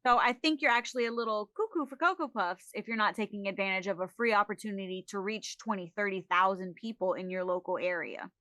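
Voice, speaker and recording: A woman, a social media expert guest on a podcast, talking in a lively, emphatic, joking way. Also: mid-range voice, quick pace, hardly any pauses, dry recording. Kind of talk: casual interview chat.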